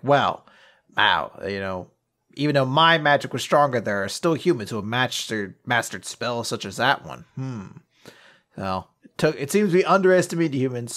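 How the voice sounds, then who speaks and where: A man's voice: medium pitch, fairly bright tone. A man co-hosting a casual podcast about manga, rambling, swearing freely and trailing off mid-thought. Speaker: podcast co-host.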